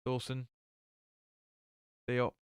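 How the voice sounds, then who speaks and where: A man's voice: mid-range voice, completely flat delivery, very slow, smooth, dry recording, clean studio sound. A man hosting a live football watch-along, calling the play and chatting with viewers as he reads their comments. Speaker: fan watch-along host.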